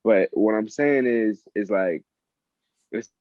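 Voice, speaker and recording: A man's voice: lowish voice, slow, dry recording. A man co-hosting a casual podcast debate, talking emphatically and swearing freely as he argues his point. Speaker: co-host, rapper. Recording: dull lo-fi, dry sound.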